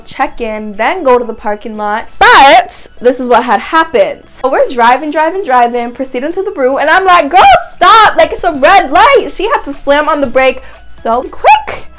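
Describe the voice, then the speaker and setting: A woman's voice: sits high, animated, normal speed, few pauses, a bit bright, soft background music. An eighteen-year-old woman, telling a story vlog in a chatty, dramatic way and saying "like" a lot. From Canada. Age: young adult, 18. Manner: chatty, dramatic retelling with frequent "like". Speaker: vlogger. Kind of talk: casual storytime.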